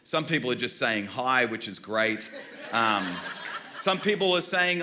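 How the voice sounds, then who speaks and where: A man's voice: mid-range voice, unhurried. A man in his forties with a mixed Australian and American accent, opening a church sermon with jokes and banter aimed at the congregation. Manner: energetic, joking, talks directly to the room. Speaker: guest preacher. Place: church service before a congregation.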